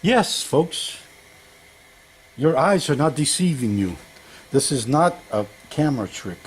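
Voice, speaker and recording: A man's voice: medium pitch, sing-song, slow pace, noisy background. Folksy older man rambling in his workshop. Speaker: home mechanic vlogger. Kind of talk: casual workshop vlog.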